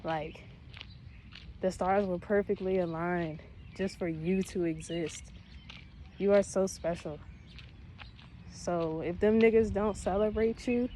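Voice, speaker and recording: A woman's voice: mid-range voice, a little slow, long pauses, mellow, a little hiss or hum. Earnest woman giving a slangy pep talk. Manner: earnest, affirming, slangy with swearing. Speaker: spiritual vlogger. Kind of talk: casual spiritual pep talk.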